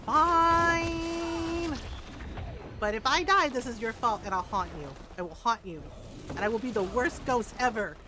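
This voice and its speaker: A cheeky, silly adventurer, as a woman streamer puts her on, high and teasing in a singsong voice. A faint hiss of noise sits behind her. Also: lively intonation, fairly quick, close to an everyday voice.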